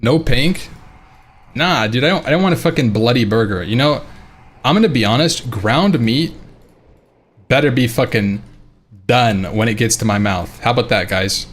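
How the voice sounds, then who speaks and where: A man streaming a game late at night, telling a story in a casual, animated, profane ranting way and laughing along. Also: mid-range voice, normal speed.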